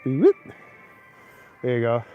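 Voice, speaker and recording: A man's voice: medium pitch, wildly swooping pitch, slow pace, narrow, tinny audio, soft background music. A young man hosting a casual live stream while walking snowy city streets at night, chatting and answering viewers' comments. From Canada. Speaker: livestream host. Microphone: phone camera, held while walking.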